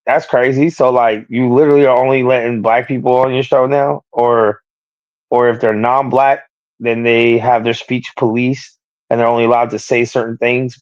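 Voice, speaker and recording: A man in the middle of a heated, profane rant on a streamed talk show, swinging into sharp raised-voice quotes of other people. His audio is dull and muffled, and the sound is dry with no room around it. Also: medium pitch, no room sound. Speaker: streamer co-host. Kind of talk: heated casual chat.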